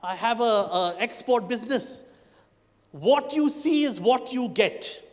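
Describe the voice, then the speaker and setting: A cocky, self-assured middle-aged man who brags that he still has it, acted out by a man. He speaks high for a man, with an Indian English accent. His lines ring out on a stage mic into a hall with a long echo. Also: animated, unhurried. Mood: boastful. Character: boastful middle-aged man chasing his old school crush.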